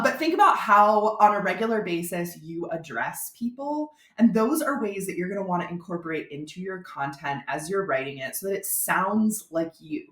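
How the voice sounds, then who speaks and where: A woman's voice: fairly low pitch, fairly bright tone. A woman from Florida, a brand strategist giving a casual, chatty video tutorial to speakers. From Florida, USA. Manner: chatty, conversational, informal. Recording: roomy echo.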